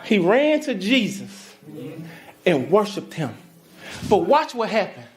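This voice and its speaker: A woman pastor with a Southern US accent, preaching a sermon in an animated, conversational way that calls out to the congregation. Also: medium pitch, slow.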